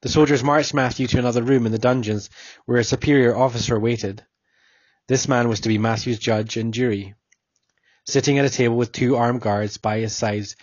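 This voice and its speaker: A man narrating a story with a husky, mid-pitched voice. He reads steadily, close and dry, on a slightly dull recording. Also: dry recording. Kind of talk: storybook reading.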